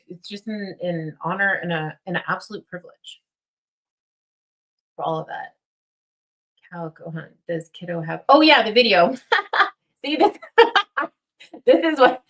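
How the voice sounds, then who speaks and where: A young woman hosting a casual livestream, rambling with many fillers and getting excited. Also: on the low side. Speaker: livestream host.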